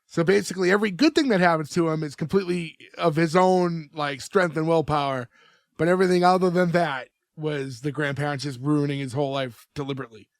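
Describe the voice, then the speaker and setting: Young male co-host, slightly high voice, dry close sound, casual recap. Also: steady tone, brisk, dry recording. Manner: recaps scenes, many "like" fillers, acts out quotes. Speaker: podcast co-host. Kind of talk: casual chat.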